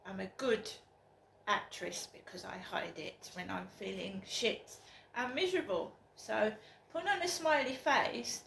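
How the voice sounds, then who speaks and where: An older woman, talking frankly to camera in a rambling vlog with many pauses. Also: fairly high pitch, creaky, fairly bright tone. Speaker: vlogger. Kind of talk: casual talk to camera. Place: her home, indoors. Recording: echoey room, faint background noise.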